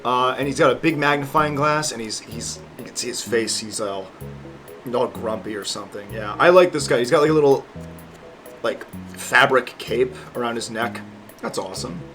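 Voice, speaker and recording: A man's voice: mid-range voice, normal speed, over music. A young man in his twenties chatting casually as a vlogger, rambling and joking with lots of fillers and swearing. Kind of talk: casual chat.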